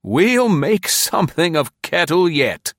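A man voicing a big, eccentric colonel in an audiobook, with a shrill, drawn-out, theatrical delivery. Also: lively intonation, fairly bright tone, no echo. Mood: jovial. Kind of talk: audiobook character voice.

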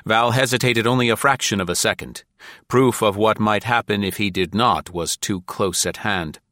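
A man reading an adventure novel aloud as narrator, measured and dramatic. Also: on the low side, sharp tone, no room sound, studio quality. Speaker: audiobook narrator. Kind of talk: scripted narration.

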